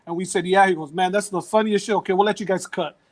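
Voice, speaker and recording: Very high-voiced man spinning a slangy story. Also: fairly even intonation, fast. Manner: slangy, calls others bro and fool. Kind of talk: casual storytelling chat.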